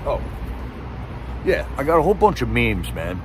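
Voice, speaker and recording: A man hosts a live stream and talks loosely with many restarts. His asides are sarcastic, and his voice sits at an ordinary middle pitch. A faint hum of noise runs underneath. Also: big pitch swings, moderate pace. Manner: rambling, sarcastic, with frequent restarts. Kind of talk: casual rambling chat.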